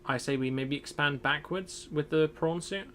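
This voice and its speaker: Streaming a survival game, a young man offers casual commentary, thinking aloud and muttering to himself. His voice is fairly high and fairly bright, at a normal speed, over a little hiss or hum.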